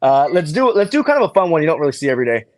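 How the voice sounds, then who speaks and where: A man talks fast, and his pitch swings widely while he pitches comic books on a live stream. He laughs easily and swears in passing. His voice sits a little high. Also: very animated, no echo. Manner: laughs often, swears casually. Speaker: comic book claim sale host. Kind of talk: casual live-stream banter and sales.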